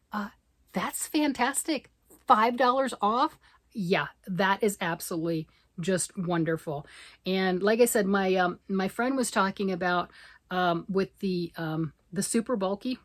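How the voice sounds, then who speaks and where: A woman from Michigan, a yarn vlogger chatting excitedly and fast to camera, rambling off on tangents. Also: on the low side, no room sound. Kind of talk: casual chat to camera.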